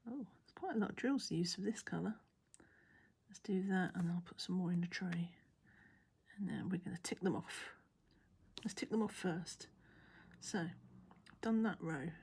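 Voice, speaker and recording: A woman's voice: on the low side, lively intonation, moderate pace, gravelly, a little mellow, slight background noise. A woman chatting casually as she works on a craft, mumbling and half-whispering to herself. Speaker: crafting vlogger. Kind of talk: casual chat while crafting.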